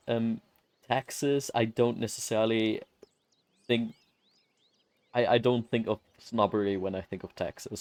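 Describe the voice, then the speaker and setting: Low-voiced man streaming games. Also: a little mellow, dry recording. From Germany. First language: German. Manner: rambling, loose, swears and laughs, talks to chat. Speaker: game streamer. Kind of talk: casual live-stream chat while playing.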